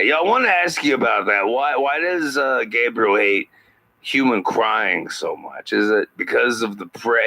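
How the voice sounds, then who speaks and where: A man's voice: medium pitch, lively intonation, unhurried, sharp tone, no echo, low-quality recording. A man hosting a satirical podcast, rambling through his questions with many restarts. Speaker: podcast host.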